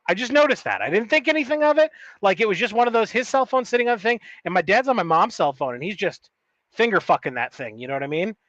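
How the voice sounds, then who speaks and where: A man's voice: high-pitched, a bit bright, no room sound, dull audio. A man co-hosting a podcast, telling a long story in a rambling, profane, casual way with many restarts. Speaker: podcast co-host.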